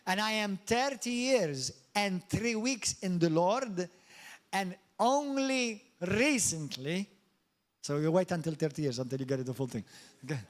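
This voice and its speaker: A middle-aged male pastor from Malta, preaching a lively sermon in a church and often questioning his congregation or slipping into mocking high voices. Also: measured pace. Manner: animated, swings into high mock voices and asks the congregation questions. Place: church hall.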